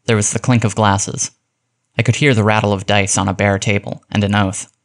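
A man reading a detective story aloud as narrator, in a measured, even way. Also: fairly low pitch. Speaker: audiobook narrator.

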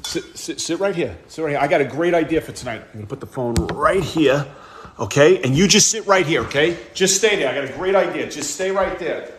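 A middle-aged man from New York playing the exasperated father in comedy skits, protesting loudly and bantering with his son. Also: on the high side, a little fast, slight background noise. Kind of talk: comedic family sketch.

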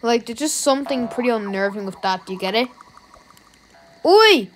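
Excitable Irish woman narrating gameplay. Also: a little high, fast, rough recording. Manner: talks to herself, jumpy excited reactions. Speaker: YouTuber playing a game. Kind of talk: let's-play gameplay commentary.

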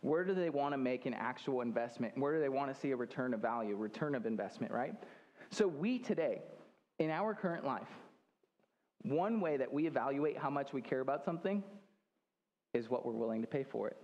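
A man's voice: medium pitch, animated, fairly quick, darkish tone, lo-fi sound. An American man preaching a sermon as pastor, talking conversationally with joking asides. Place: church hall. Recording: long hall reverb.

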